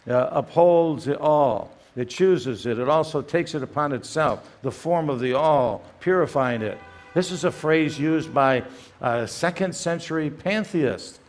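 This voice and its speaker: An older man giving a firm, emphatic lecture as a guest speaker, often pausing with "uh" between phrases. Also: mid-range voice, expressive. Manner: emphatic, many "uh" fillers, reads quotations aloud. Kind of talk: apologetics lecture.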